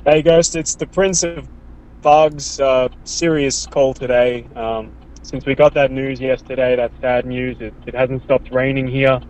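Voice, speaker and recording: A male caller with a flat, level delivery, quiet and somber. The sound is dull and muffled. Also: mid-range voice, a little slow. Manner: subdued, somber.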